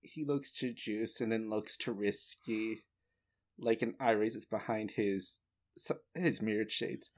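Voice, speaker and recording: A man's voice: on the low side, fairly even intonation, slow pace. A man narrating as game master in a tabletop game, laid-back and chuckling.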